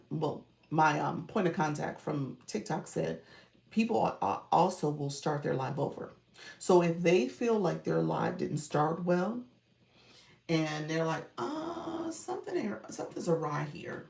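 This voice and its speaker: A woman's voice: sits low, creaky, darkish tone, far from the mic. A woman coaching viewers on a livestream in a chatty way, thanking them often and laughing easily. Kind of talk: live-stream coaching chat. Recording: echoey room, voice off-mic.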